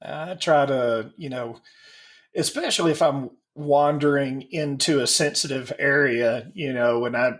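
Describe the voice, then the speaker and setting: Middle-aged dude, talks real slow and blunt, podcast chat. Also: male voice, medium pitch, fairly bright tone. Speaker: podcast co-host.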